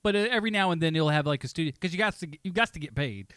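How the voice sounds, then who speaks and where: Animated man chatting about movies. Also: on the high side, smooth, no echo. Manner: jokey, quick to act out movie lines in silly voices. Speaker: podcast co-host. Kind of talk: casual movie review chat.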